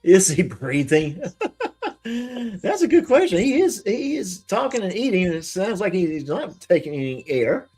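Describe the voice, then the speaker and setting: Lively man hosting a live-stream commentary. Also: high voice, normal speed, breathy edge, soft background music. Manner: hesitant, with fillers and restarts, but chatty. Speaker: host.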